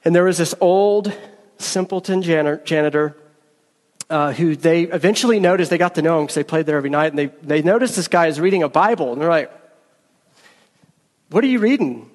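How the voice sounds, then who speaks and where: Earnest preacher with a slightly high voice. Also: male voice, a little fast, in a large hall. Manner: emphatic, earnest preaching with storytelling. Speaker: pastor. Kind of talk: sermon.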